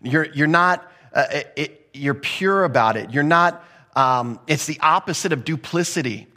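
A man preaching a sermon in a conversational way, with quick acted asides and rising emphasis. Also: fairly high pitch, bright, forceful tone. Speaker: pastor.

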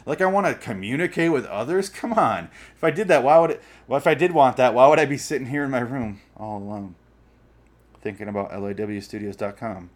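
Profane ranting young man. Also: mid-range voice. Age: 20s. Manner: profane, sarcastic, exasperated ranting. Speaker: vlogger. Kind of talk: ranting comedic monologue. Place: his room.

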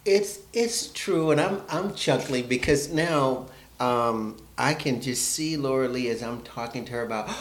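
A man's voice: medium pitch, measured pace, reverberant. A man co-hosting a casual relationship chat, reflective and self-mocking.

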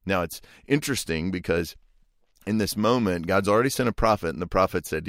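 A man talks through a scripture passage as a podcast host, his voice low and steady. The tone is earnest and conversational, and he lends the people in the story quick acted voices. The recording is dry and close, with no room sound. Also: no echo. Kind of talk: devotional Bible commentary.

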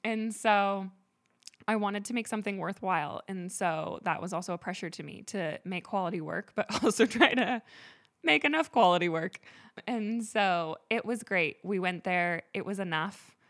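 A woman's voice: mid-range voice, normal speed, a bit bright. A woman guest in a casual interview, telling her story in a chatty way full of "like" and other fillers. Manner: chatty, filler-heavy with frequent "like".

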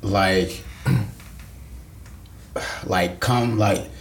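A man's voice: sits low, very slow. A man co-hosting a casual podcast, crude and teasing, laughing often and calling people "bro". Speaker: podcast co-host. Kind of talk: casual chat. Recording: echoey room with faint noise.

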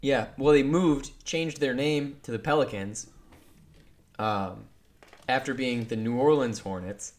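A man's voice: mid-range voice, a little slow. Teasing, cursing podcast co-host man. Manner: teasing, swears freely, rambling. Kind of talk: casual chat.

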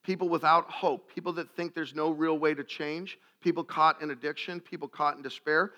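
Preacher, male, high and bright tone, lively live-audience sermon with loud peaks. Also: moderate pace, highs cut off. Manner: asks the crowd questions, gets loud and shouting at climaxes. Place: live event before an audience.

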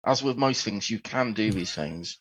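A man's voice: on the low side, animated, moderate pace, breathy edge, no echo. A man, joking and swearing as a podcast co-host in casual chat. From England.

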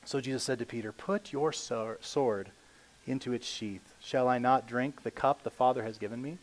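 A man preaching a conversational sermon, reading scripture aloud and swinging between emphatic and hushed delivery. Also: medium pitch, normal speed. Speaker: pastor.

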